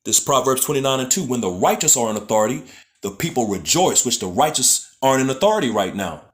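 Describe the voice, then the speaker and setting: A man's voice: medium pitch, very animated, fast talker. A man teaching scripture in a loose, casual way, often restarting his phrases and tagging them with "man" and "you know what I'm saying". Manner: restarts and stumbles over words. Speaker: preacher. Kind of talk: street-style scripture teaching.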